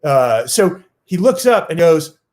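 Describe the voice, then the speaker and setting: A man's voice: fairly high pitch, sing-song, slow pace, a little mellow. A man telling a personal story on stage in a loose, casual way with lots of filler words.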